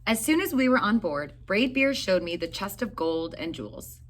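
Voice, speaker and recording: A woman teacher reading a picture book aloud to young children in an expressive storytelling way. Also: mid-range voice, moderate pace, a little hiss or hum.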